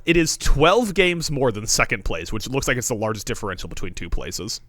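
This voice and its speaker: A man's voice: mid-range voice, big pitch swings, fairly quick, a bit bright, dry recording. A man co-hosting a sports podcast in casual chat, wry and riffing, with casual swearing. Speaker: podcast co-host.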